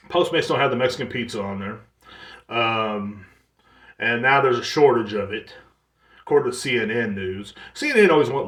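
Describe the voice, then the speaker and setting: A man hosting his own podcast, ranting in a profane, exasperated comedic monologue with quick mimicked asides. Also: on the low side, fairly bright tone, roomy sound. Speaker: podcast host. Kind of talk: solo comedic rant.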